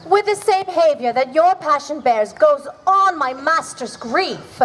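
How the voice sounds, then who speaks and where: Woman doing an earnest young page in disguise, high voice, faint outdoor hiss. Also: animated, measured pace. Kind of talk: outdoor Shakespeare stage acting.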